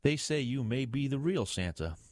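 A man's voice: medium pitch, big pitch swings, moderate pace, darkish tone, dry recording, pitched above the performer's own voice, close to an everyday voice. A man voicing a cheeky younger male police sergeant who teases his boss. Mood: teasing. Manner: teasing and jokey. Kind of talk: audiobook character voice.

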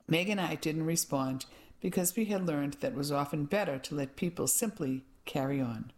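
A woman narrating a first-person audiobook in an even, measured way. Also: low-pitched.

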